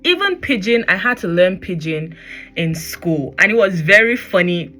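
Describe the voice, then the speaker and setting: A woman's voice: expressive, moderate pace, pushed and bright, faint music behind. A young Nigerian woman with a Nigerian accent, chatting on her own podcast and slipping into Pidgin as she acts out what people said. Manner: chatty, switching into Pidgin, acting out quotes in a high voice. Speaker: podcast host. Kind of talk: personal podcast monologue.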